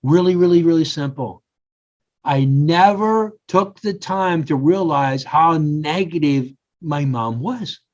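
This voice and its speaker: An older man talks through his own stories with animated energy. He jumps into the voices of the people he quotes. The audio sounds a bit dull and lo-fi. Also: a little high, slow. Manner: animated storyteller, acts out quotes. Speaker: podcast guest, coach. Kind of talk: casual interview talk.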